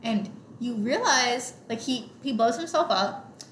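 A young woman recaps a film in a chatty, filler-heavy way as a podcast co-host. Her voice sits slightly high, and the room around her echoes. A faint hiss of noise sits under her. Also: lively intonation, unhurried, fairly bright tone. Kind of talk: casual movie discussion.

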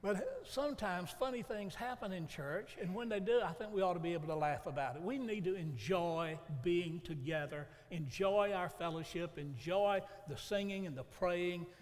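A man's voice: high-pitched, normal speed, hardly any pauses, long reverb tail. A man preaching a sermon, telling folksy stories to his congregation. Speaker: pastor.

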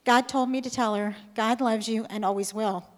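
A woman's voice: a little high, fairly even intonation, moderate pace. A woman nervously reading her own testimony aloud in a church, with some hesitation. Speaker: church member giving a testimony. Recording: long hall reverb.

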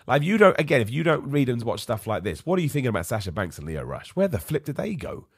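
A man's voice: mid-range voice, very animated, fast, slightly rough, no room sound, clean studio sound. A man hosting a live wrestling podcast, opinionated and ranty, ill and losing his voice. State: ill, voice going. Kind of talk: live-streamed podcast rant.

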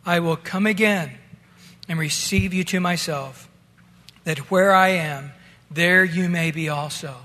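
A male pastor preaching a sermon in a relaxed, conversational way, talking to his listeners as guys. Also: a little high, measured pace, long reverb tail.

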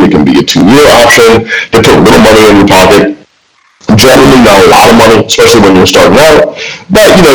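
A man's voice: deep voice, roomy sound, rough recording. A man in his forties telling a long, rambling story in a casual interview, full of "like" and "man". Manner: laid-back, rambling, lots of "like" and "man". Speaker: guest, writer.

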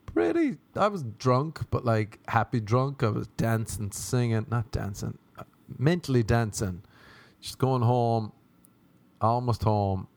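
A young man spins a rambling, profane story, laughter spilling through his words. His voice sits at an ordinary middle pitch, and the recording is close and dry, with no room around it. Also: sing-song, unhurried, vocal fry, a little mellow, no room sound. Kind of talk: casual anecdote.

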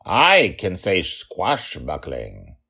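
A man voicing a scheming female witch villain in a storytelling podcast, with gloating, drawn-out taunts. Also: low voice, huge pitch swings, vocal fry, bright, forceful tone, slightly rough, voice pushed up, full character voice. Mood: taunting.

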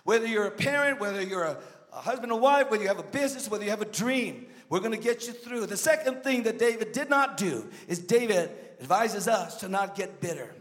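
A man preaching a sermon as a guest pastor, swinging from emphatic shouts to low joking asides to the congregation. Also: expressive, brisk. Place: church sanctuary. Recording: long church reverb.

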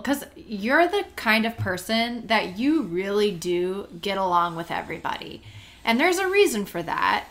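Woman host asking long careful questions, average pitch. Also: a bit bright. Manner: measured, framing questions at length. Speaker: interview host. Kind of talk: interview.

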